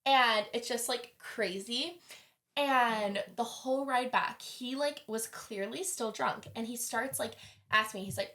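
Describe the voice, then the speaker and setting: A young woman, a college student, telling a long story in casual chat, lively and full of "like," acting out what others said. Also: fairly high pitch, a little slow. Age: young adult. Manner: animated, heavy use of "like", acts out quoted voices. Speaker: podcast guest.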